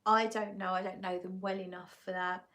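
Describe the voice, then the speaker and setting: A chatty woman hosts a live stream, chatting easily to her viewers and reading out their messages as they come in. Her voice sits at an ordinary middle pitch for a woman. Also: level tone, a little fast, a bit bright. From England. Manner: chatty, reads viewer comments aloud and answers them. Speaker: livestream host reviewing perfumes. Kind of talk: casual live chat.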